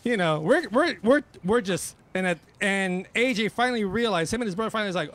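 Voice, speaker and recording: Animated high-voiced middle-aged man. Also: quick pace, few pauses. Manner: animated storyteller, repeats himself. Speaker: DJ guest. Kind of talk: casual chat.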